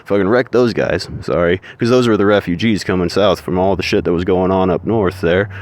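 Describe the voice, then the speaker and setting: A man's voice: low-pitched, a little fast, no room sound. A man telling a story in a casual, profane and rambling way, full of swearing and asides.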